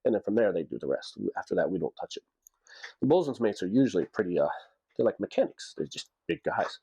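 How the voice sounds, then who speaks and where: A man's voice: low voice, big pitch swings, fast talker, warm tone, slightly rough. A middle-aged man casually recounting a story, rambling and repeating himself as he acts out what people said. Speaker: military storyteller, channel host. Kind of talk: casual spoken anecdote.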